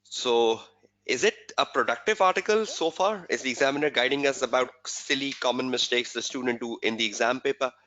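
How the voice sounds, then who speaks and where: A man's voice: mid-range voice, brisk, a bit bright. A male exam tutor giving a webinar lecture, repeating key points and quizzing students with rhetorical questions. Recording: dull lo-fi webinar audio.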